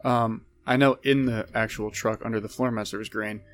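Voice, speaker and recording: A man's voice: lowish voice, fairly even intonation, brisk. Man player chiming in eagerly. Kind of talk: tabletop game chat.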